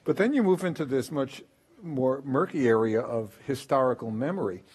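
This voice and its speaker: A man on a discussion panel, answering in a measured, thoughtful way. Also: medium pitch, lively intonation, a little mellow, husky.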